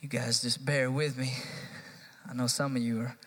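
A man's voice: mid-range voice, little pitch movement, moderate pace, a bit bright. A man, a youth pastor, preaching a live sermon to a church congregation, building to emphatic repeated lines. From United States. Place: church sanctuary. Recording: long hall reverb.

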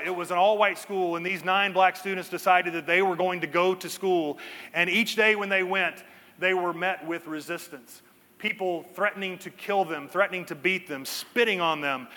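A pastor preaching a sermon with earnest emphasis and dramatic pauses, slowing down to stress key points. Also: male voice, sits high, pushed and bright, long reverb tail.

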